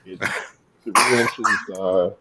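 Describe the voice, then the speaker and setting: A man, a chef guest, talking in a relaxed, unhurried way about food on a podcast. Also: fairly low pitch, heavy background noise. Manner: relaxed, with fillers, talks food. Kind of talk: casual podcast talk.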